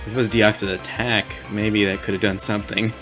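A man's voice: on the low side, level tone, a little fast. A young man making dry, teasing remarks while playing a game with friends. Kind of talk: casual chat while gaming. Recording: game music behind the voice.

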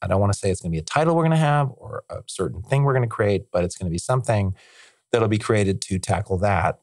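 A podcast guest in a casual conversational interview rambles with enthusiasm, jumping quickly from one eager thought to the next, stacking up filler words and restarting often. His slightly low, somewhat mellow voice is recorded dry and close to the mic, with no room sound.

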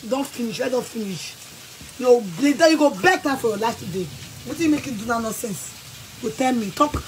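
Nigerian woman yelling and scolding, threatening somebody, highish voice. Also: slight background noise, low-quality recording. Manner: loud, scolding and threatening, shouting bursts. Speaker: vlogger. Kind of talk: angry rant to camera.

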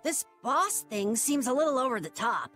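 A woman voicing an unsure young boy who leads a guild in a video game, soft and hesitant. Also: sits high, animated, moderate pace, faint music behind.

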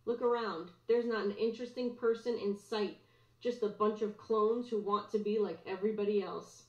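A woman's voice: medium pitch, steady tone, normal speed, natural voice. A woman reading the lines of a smug, manipulative middle school boy who sounds falsely sweet, in a roomy, dull recording. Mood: scornful.

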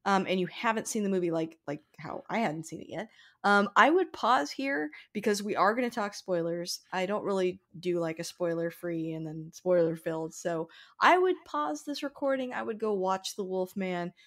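A woman's voice: mid-range voice, moderate pace, fairly bright tone. A woman co-hosting a casual film podcast, chatty with many fillers, sometimes reading a synopsis aloud. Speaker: podcast co-host.

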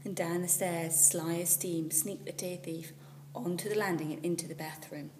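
A woman teacher reading a children's storybook aloud, expressive and at times dropping to a whisper. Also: on the low side, normal speed. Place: school classroom. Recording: echoey room, far from the mic, faint hum.

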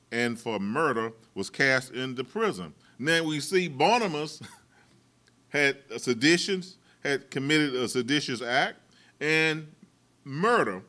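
A man preaching a sermon in a bright, forceful voice. He moves from calm, low explaining to raised, insistent lines, and he repeats key phrases to drive the point home. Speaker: minister.

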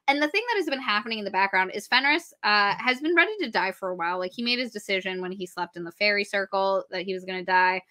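A woman co-hosting a book podcast, retelling the plot in a casual, animated way, acting out characters' lines and swearing freely. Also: mid-range voice, fast, few pauses. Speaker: podcast co-host. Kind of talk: casual book review chat.

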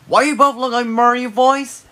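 A man voicing an excitable cartoon character who bickers with a witch in an animated, squabbling way. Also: very high voice, normal speed, a crowd in the background. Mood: bickering. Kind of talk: cartoon voice acting.

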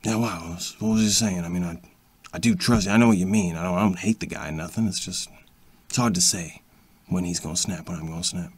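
A man's voice: low-pitched, a little mellow, husky. A man speaking in character during a role-play, swearing constantly and often stopping to restart his sentences. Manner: halting, with frequent restarts.

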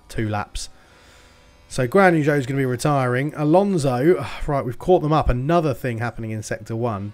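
Excitable man yelling at a game. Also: medium pitch. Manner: excitable, swears and yells at the game. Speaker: gaming YouTuber. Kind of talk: game commentary.

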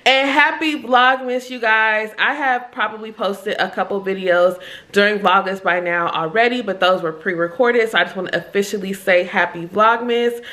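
A woman vlogger chatting casually to her viewers, upbeat and fast-talking, with slangy phrasing. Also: mid-range voice, a bit bright. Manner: upbeat, chatty, uses slang like "giving vibes". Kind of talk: casual vlog chat to camera.

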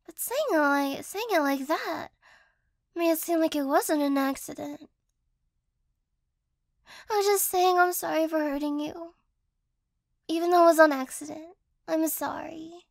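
A woman voicing a sleepy, apologetic cat-girl girlfriend in a whispered role-play, speaking softly and hesitantly close to the mic. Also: very high-pitched, a little slow, vocal fry, long pauses, no echo, exaggerated voice. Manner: soft, gentle, hesitant and apologetic. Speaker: ASMR role-play artist.

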